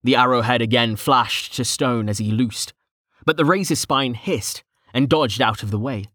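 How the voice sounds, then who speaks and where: A man reads a fantasy story in a steady storytelling voice. His pitch sits in the middle, and the recording is dry and close with no room sound. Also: moderate pace, no room sound. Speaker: audiobook narrator. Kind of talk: scripted fantasy narration.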